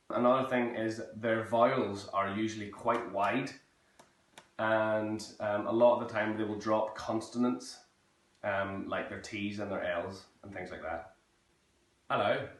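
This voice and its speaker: A young man teaching an online drama lesson, relaxed and full of ums as he demonstrates sounds. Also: fairly low pitch. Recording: echoey room, mic at a distance.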